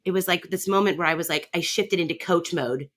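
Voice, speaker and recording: Low-voiced chatty woman. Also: a little fast, a bit bright. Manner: chatty storyteller, many fillers. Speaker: podcast host. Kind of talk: casual chat.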